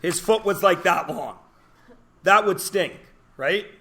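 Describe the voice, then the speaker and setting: A man's voice: high voice, takes it slowly, bright, forceful tone. A man teaching a classroom lesson, joking, telling stories and quizzing his students. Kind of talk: classroom lecture.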